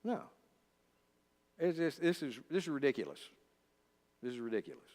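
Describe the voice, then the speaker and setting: A male pastor teaching a Bible study in a conversational way, speaking straight to his listeners with lively asides. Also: medium pitch, normal speed. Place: church. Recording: long church reverb.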